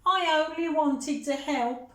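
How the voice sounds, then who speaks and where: A woman voicing an eager little sister mouse in a storybook, squeaky and pleading. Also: lively intonation, very slow, a little mellow, heavily acted. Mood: earnest. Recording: roomy echo.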